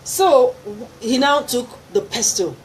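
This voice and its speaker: A woman's voice: fairly high pitch, a little slow, low-quality recording. A middle-aged Nigerian woman, a gospel singer, telling her testimony in a radio interview and acting out the voices of people in her story. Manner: storytelling with acted quotes and laughter. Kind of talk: animated testimony. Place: radio studio. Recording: faint background noise.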